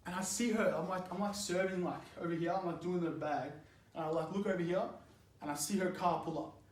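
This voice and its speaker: The voice sits high and moves briskly, echoing in a reverberant space. A young man from Australia delivers a laid-back youth sermon, telling a story with animated chatter, plenty of "like," and lots of laughs.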